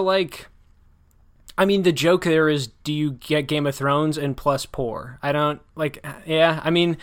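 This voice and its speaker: A man hosting a casual book discussion, talking in a critical, rambling way full of restarts and hedges. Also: a little high. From United States. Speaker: podcast host discussing a book.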